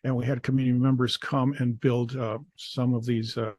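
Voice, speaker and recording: A man giving a program presentation, speaking in a halting way with frequent filler pauses. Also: medium pitch, flat delivery, a little mellow. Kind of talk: conference presentation.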